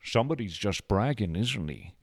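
Man doing a leering old gent impression, low, gravelly, sly, innuendo. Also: big pitch swings, moderate pace, dry recording, clean studio sound, full character voice. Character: smug, leering older gentleman, famous-actor impression.

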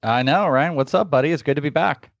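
Man guest analyst, relaxed chat, laughs a lot, dry recording. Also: fairly high pitch, fast, creaky, no room sound, dull audio. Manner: laughs often, lots of fillers and restarts. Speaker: podcast guest, baseball analyst. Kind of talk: casual interview talk.

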